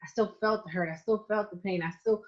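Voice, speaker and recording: A middle-aged woman from Florida with a Southern US accent, giving an earnest, repetitive masterclass talk as a life coach, slowing down to stress key phrases. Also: medium pitch. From Florida, United States. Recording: slightly muffled, dull audio.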